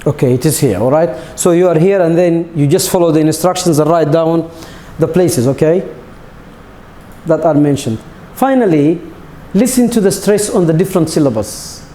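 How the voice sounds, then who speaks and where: A male English teacher whose first language is Arabic talks his students through a textbook lesson, stumbling and repeating himself as he goes. His voice sits fairly high but sounds mellow, and the room around him rings with echo. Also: moderate pace, a little hiss or hum. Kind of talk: recorded classroom lesson.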